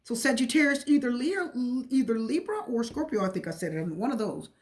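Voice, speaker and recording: Higher-pitched chatty woman tarot reader. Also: very animated, fairly quick, hardly any pauses. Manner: chatty, repetitive, emotional. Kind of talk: casual tarot reading to camera.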